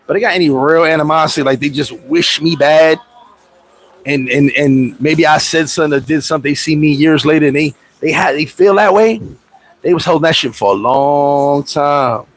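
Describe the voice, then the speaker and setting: A man's voice: on the high side, brisk, a bit bright, poor audio. A man hosting a casual livestream, talking in loose street slang, laughing often and acting out little scenes in other voices. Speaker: expat vlogger and livestream host.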